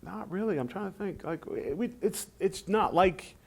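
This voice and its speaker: A middle-aged former wrestler in a casual shoot interview, telling animated stories and acting out what others said. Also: male voice, normal speed, creaky, slightly rough. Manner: animated storytelling, acts out quotes in high voices.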